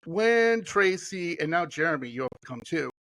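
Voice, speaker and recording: A man's voice: fairly high pitch, lively intonation, unhurried, fairly bright tone, dry recording, poor audio. A middle-aged man as a podcast guest, chatting casually in a rambling, enthusiastic way with lots of fillers. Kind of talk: casual chat.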